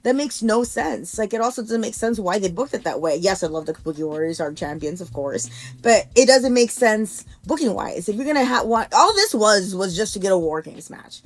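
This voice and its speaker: A woman's voice: mid-range voice, animated, brisk, no room sound. A woman co-hosting a wrestling chat show, giving blunt, opinionated takes. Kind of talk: casual chat.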